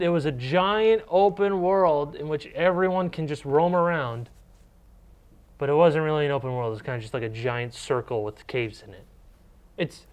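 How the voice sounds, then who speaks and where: A man's voice: fairly high pitch, a little mellow. A young man co-hosting a casual gaming news chat, ranting and often restarting his sentences. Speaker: co-host.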